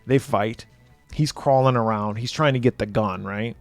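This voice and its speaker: A man's voice: lowish voice, dry recording, faint music behind. Profane man recapping a film. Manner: profane, retells scenes with quick quoted voices. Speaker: podcast co-host. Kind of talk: casual film review chat.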